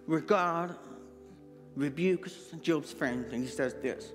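High-voiced man with a deaf accent preaching. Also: slow, in a large hall, faint music behind. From Manitoba, Canada. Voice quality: deaf speech, hard-of-hearing accent. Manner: earnest personal testimony. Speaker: pastor. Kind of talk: sermon. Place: church sanctuary.

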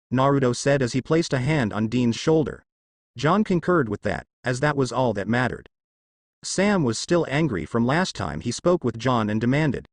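A man reading fanfiction aloud as narrator in a plain, steady manner. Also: mid-range voice, moderate pace, no echo, clean studio sound.

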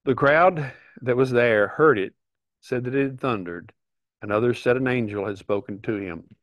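A middle-aged man earnestly teaching a Bible study, reading verses aloud and pausing to stress them. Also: mid-range voice, no room sound, muffled recording. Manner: earnest, emphatic, reads scripture aloud with pauses.

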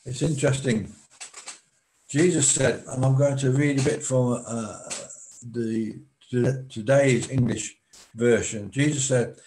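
The sermon comes from a man with a warm, mellow, medium-pitched voice who takes his time, using pauses to give each phrase weight. The audio quality is poor.

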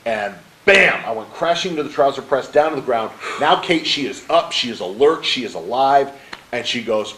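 Here a middle-aged guest on an interview, a motivational speaker, narrates a personal story a little fast in a mid-range voice. He brings the dialogue to life by acting it out and checks in with the host again and again with "right?" There's a slight hiss or hum on this rough recording.

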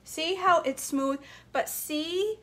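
Her voice is very high, a bit bright, and slow as she vlogs a casual cooking demonstration from her home stove. Playfully bossy, she chats and jokes toward a camera placed near the stove. Behind her voice come clattering pots and whisking.

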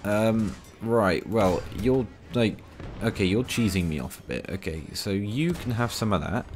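A man's voice: lowish voice, expressive, unhurried, a little mellow. A man giving rambling, self-mocking commentary while playing a tank game, full of dry asides. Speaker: gaming video creator.

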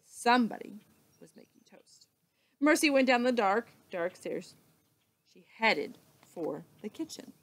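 A woman teacher reading a children's book aloud, slow and expressive with dramatic pauses. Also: on the high side.

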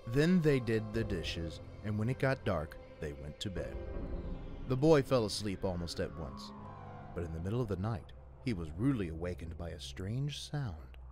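A man with a deep, low voice narrates a scary story. He builds suspense as he tells it. Music plays clearly under him. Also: sing-song, normal speed. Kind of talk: scripted spooky storytelling.

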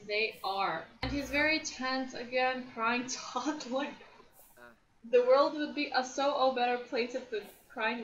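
A young woman casually commentating a life-sim game, chatty and excitable, gushing over what happens on screen. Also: high voice. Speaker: gameplay commentator. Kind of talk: casual let's-play commentary. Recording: roomy echo.

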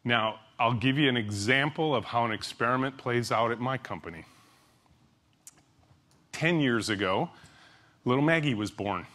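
A middle-aged man speaking from a conference stage in an ordinary mid-range voice. His delivery is lively and theatrical, with sudden loud bursts and quiet, confiding drops. He sounds like an executive telling stories to a crowd. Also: medium pitch, moderate pace, long pauses. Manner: animated, swings between loud exclamations and hushed asides. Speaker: keynote speaker, company CEO. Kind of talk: conference keynote with storytelling.

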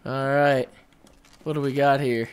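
A man chatting loudly and casually while playing an online game, often laughing and swearing. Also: medium pitch, a little slow, slight background noise. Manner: loud, laughing, swearing, excitable. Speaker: gaming YouTuber. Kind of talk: casual gameplay chat.

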